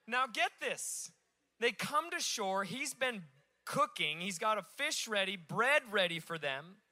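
High, bright-voiced joking preacher. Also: male voice, a little slow. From Alaska. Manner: animated, joking storyteller. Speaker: pastor. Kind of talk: sermon. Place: on a stage.

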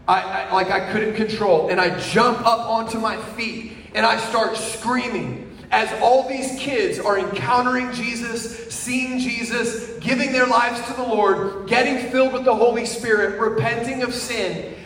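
Young man, sermon testimony, hushed to shouting, faint hiss behind, long hall reverb. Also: extremely high pitch, fairly even intonation, measured pace. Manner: storytelling, swings from hushed to shouting. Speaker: preacher. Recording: echoey hall from far off with faint noise.

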